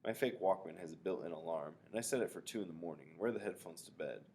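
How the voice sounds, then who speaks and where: A man reading a novel aloud in a relaxed first-person telling, with casual asides. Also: low voice, fast, a little hiss or hum. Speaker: reader of a novel.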